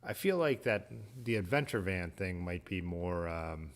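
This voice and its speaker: A man's voice: sits low, animated, a little slow. A man, hosting a casual livestream, reading viewer comments aloud and chatting in a laid-back, rambling way. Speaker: livestream host.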